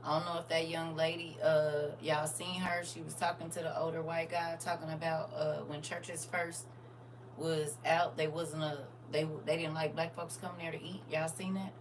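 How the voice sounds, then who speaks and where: Low-voiced woman chatting on a livestream. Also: normal speed, background noise. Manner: animated, talks straight to viewers. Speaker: livestream host. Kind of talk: casual livestream chat.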